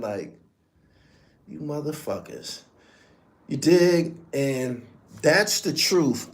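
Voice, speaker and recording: A man hosting a podcast, telling a story in blunt, profane, emphatic casual commentary. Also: a little high. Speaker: podcast host.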